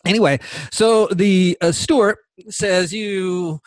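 A man from the United States holds forth on his podcast, turning sarcastic and animated and hammering home his points by saying them twice. His voice sits high for a man. The recording is dry and close, with no room sound. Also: normal speed, no echo. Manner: animated, sarcastic, repeats phrases for emphasis. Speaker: podcast host. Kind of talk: opinion podcast monologue.

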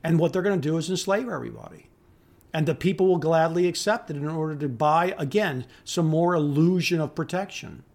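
A middle-aged man with a notably high-pitched voice delivers a solo podcast monologue. He rants with open contempt, swearing often and hammering his points through repetition. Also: fairly quick, vocal fry, a little mellow. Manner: angry, contemptuous ranting with profanity; emphatic repetition. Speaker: podcast host.

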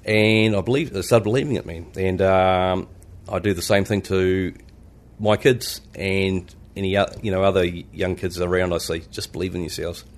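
A man's voice: low-pitched, steady tone, normal speed. A man from New Zealand with a New Zealand accent, a landscaper guest on a podcast, laid-back and self-deprecating. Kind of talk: casual podcast interview. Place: studio.

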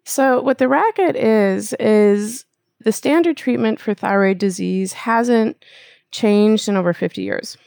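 A woman's voice: medium pitch, unhurried, vocal fry, a little mellow, no room sound. A woman guest telling a personal story and explaining with analogies in a casual interview. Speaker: acupuncturist guest.

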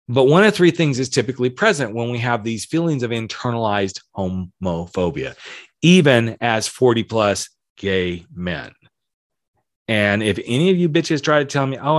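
A man's voice: on the low side, dry recording, studio quality. A man in his forties giving a frank, emphatic self-help monologue as a podcast host, swearing casually as he talks.

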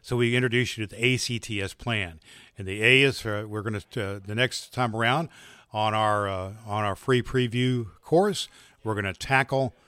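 A man's voice: fairly low pitch, moderate pace, sharp tone, clean tone, dry recording. A man hosting and teaching an online course in a loose, rambling way, telling jokes and stories. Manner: rambling, loose, with fillers and restarts. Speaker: host and doctor teaching a course. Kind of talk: casual spoken lesson.

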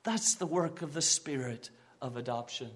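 A man's voice: mid-range voice, normal speed. A man pastor preaching a sermon with earnest emphasis, sometimes repeating words and raising his voice on quoted cries.

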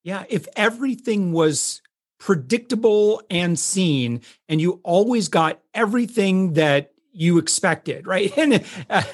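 A man's voice: high-pitched, lively intonation, unhurried. A man hosting a podcast conversation, affirming his guest and talking loosely with many fillers. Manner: warm, affirming, with many "you know" fillers. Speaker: podcast host. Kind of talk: casual chat.

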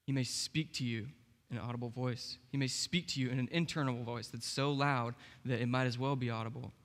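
A man's voice: medium pitch, steady tone, fairly quick, fairly bright tone. A young man preaching a sermon as pastor, in a casual, conversational way with frequent "like" and "okay". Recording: long reverb of a large hall.

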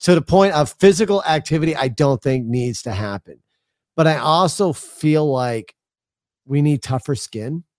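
A man's voice: a little high, animated, moderate pace, no echo, studio quality. A middle-aged man, co-hosting a casual podcast chat, rambling loosely with swearing. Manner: loose, rambling storytelling with frequent laughs and swearing. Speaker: podcast co-host.

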